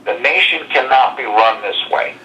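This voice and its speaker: A man giving forceful, indignant political commentary in a played clip. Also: medium pitch, moderate pace. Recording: dull, distant lo-fi clip with faint noise.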